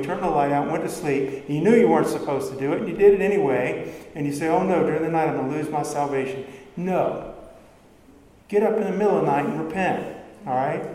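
Earnest preacher in an echoey hall. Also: male voice, on the high side, warm tone. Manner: earnest, conversational preaching with rising emphasis. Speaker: pastor. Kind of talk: sermon. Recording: echoey hall, faint room ambience.

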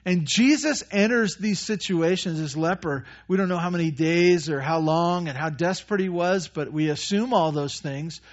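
Preaching pastor, dull recording. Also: male voice, fairly high pitch, normal speed, few pauses. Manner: conversational preaching with many restarts and acted asides. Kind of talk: sermon.

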